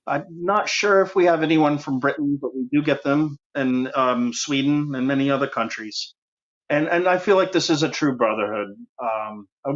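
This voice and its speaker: A man from Rhode Island with the matching local accent hosts a casual call-in show. He rambles warmly, losing his thread with plenty of ums and restarts. His voice sits at an ordinary middle pitch and comes through a dull, lo-fi speakerphone. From Rhode Island, USA. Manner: chatty, easily distracted, many fillers and restarts. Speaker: host. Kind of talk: casual call-in livestream chat.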